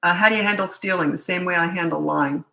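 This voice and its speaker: A woman's voice: fairly low pitch, fast talker, gravelly, bright, forceful tone, roomy sound, low-quality recording. A middle-aged woman, a parenting coach, answering viewer questions in a blunt, candid and chatty way.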